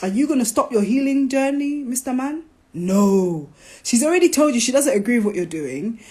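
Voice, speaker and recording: Lively woman on a phone livestream. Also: fairly high pitch, normal speed. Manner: animated and preachy, with playful jabs. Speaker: wellness coach hosting a live stream. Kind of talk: casual live-stream talk.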